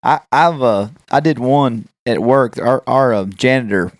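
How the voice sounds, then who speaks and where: A man's voice: mid-range voice, measured pace, dry recording, clean studio sound. A man, co-hosting a podcast and telling a prank-call story in casual chat, often laughing. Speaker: podcast co-host.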